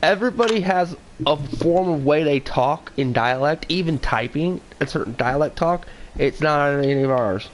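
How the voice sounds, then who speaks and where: A man co-hosting a casual podcast chat, talking in a blunt, excitable, profane way. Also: fairly high pitch, moderate pace.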